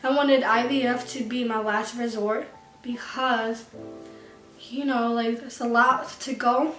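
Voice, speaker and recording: A woman's voice: fairly high pitch, steady tone, measured pace, fairly bright tone. A young woman vlogger candidly telling a personal story to camera, emotional and tearful at times. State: crying at times. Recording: echoey room, far from mic, faint music.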